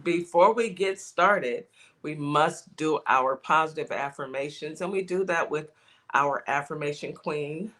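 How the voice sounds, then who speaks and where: Older woman, radio morning host, bright voice, upbeat casual chat. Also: deep voice, measured pace.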